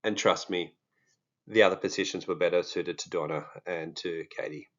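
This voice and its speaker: A man's voice: sits low, steady tone, moderate pace, a bit bright, muffled recording. A man with an Australian accent, talking casually and jokingly to his viewers, with many fillers. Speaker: true crime vlogger. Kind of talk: casual monologue to camera.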